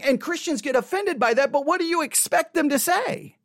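A man's voice: extremely high pitch, animated, normal speed, few pauses, fairly bright tone, no echo, clean studio sound. A man giving an impassioned opinion monologue, mockingly repeating slogans over and over. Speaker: commentator.

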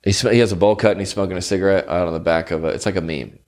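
A man's voice: low-pitched, fairly even intonation, very fast, a little mellow. A young man hosting a podcast, telling rambling stories in casual chat with lots of fillers and mock voices. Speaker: podcast host.

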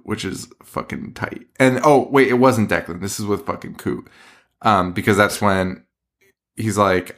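Laid-back low-voiced young man. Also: moderate pace, a bit bright. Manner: profane, laughing recap of a horror film. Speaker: podcast co-host. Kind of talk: casual chat.

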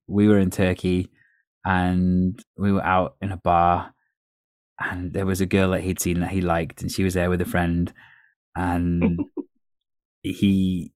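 A low-voiced man with a North West English accent hosts a casual podcast chat. He tells stories at length, laughing now and then. The sound is dry and close. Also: a little mellow, no room sound. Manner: storytelling, chatty with laughs. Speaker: podcast host.

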